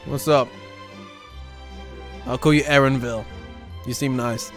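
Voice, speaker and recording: A man's voice: medium pitch, fairly even intonation, a little fast, pauses often, a bit bright, faint music behind. A man streaming a video game, chatting casually with loose, profane asides, laughing and muttering as he reads the game's lines aloud.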